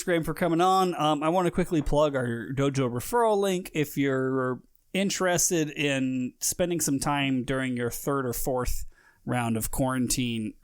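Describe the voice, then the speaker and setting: A man's voice: a little high, clear, resonant tone, dry recording, clean studio sound. Profane, joking podcast co-host man. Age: 30s. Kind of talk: casual chat.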